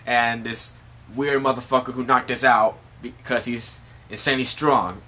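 A man's voice: mid-range voice, fairly even intonation, normal speed, bright, forceful tone. Crude impostor pirate captain, swears nonstop, brash, done by a man. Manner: profane, brash.

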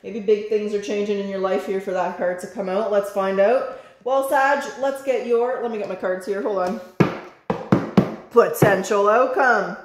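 A woman's voice: medium pitch, steady tone, normal speed, a little hiss or hum. A woman giving a casual tarot reading, chatty, calling the viewer baby and swearing now and then. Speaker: tarot reader. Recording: roomy echo.

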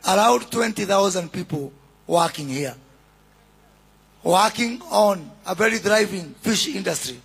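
Gravelly slow-speaking Kenyan man. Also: sits high, lively intonation. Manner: deliberate, oratorical, with shouted greetings to the crowd. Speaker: government minister giving a speech. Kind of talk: public speech at a launch event.

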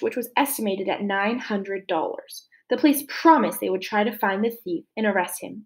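A female teacher with a medium-pitched voice reads a chapter book aloud to children. She reads expressively, pausing now and then to comment for her listeners.

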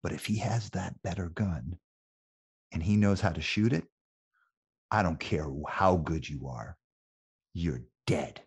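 A man acting out a loud, brash male record label boss who gives a bossy hard sell. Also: deep voice, a little slow, pauses often, breathy edge, exaggerated voice. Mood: menacing.

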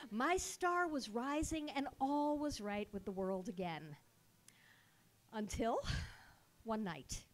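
Woman, live storytelling, sarcastic comic delivery, stage mic, high lively pitch.

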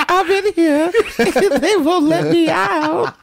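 A man doing a high, slow, giggling impression of a co-host as a feeble old lady calling through a locked door. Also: gravelly, a crowd in the background, exaggerated voice. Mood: giggly pleading. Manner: high, slow and breaking into laughter.

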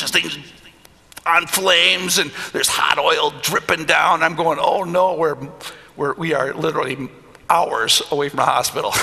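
Animated middle-aged preacher, bright and gravelly. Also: male voice, high voice. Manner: animated, acts out voices in stories. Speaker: pastor. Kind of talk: storytelling sermon. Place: church hall. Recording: long hall reverb.

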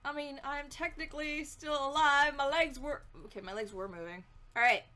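A young woman commentating a video game, loud and excitable, yelling, swearing and laughing at the game. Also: sits high, normal speed. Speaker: gameplay commentator. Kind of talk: let's play commentary.

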